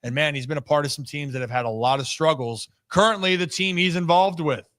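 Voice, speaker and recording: A man hosting a live sports talk show, talking in an energetic, animated way and teasing his co-host. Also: on the high side, brisk.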